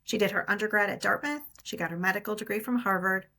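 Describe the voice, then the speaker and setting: A woman co-hosting an interview podcast, upbeat and playful in her delivery. Her voice sits at a middle pitch with a gravelly, creaky texture. She leads the conversation with easy enthusiasm. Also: fast, sharp tone. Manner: upbeat, playful, introduces guest at length. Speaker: podcast co-host.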